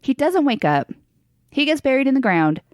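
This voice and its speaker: A woman's voice: high-pitched, sing-song, moderate pace, no echo. Candid swearing woman telling a story. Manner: candid, swears freely, laughs often while telling a story. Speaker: podcast co-host. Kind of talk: casual chat.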